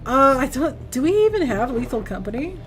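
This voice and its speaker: Woman game streamer, casual rambling chat, fairly high voice, faint music behind. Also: big pitch swings, brisk. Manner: rambling, with many restarts, acting out quoted lines in a raised voice. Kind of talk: casual live-stream chat while gaming.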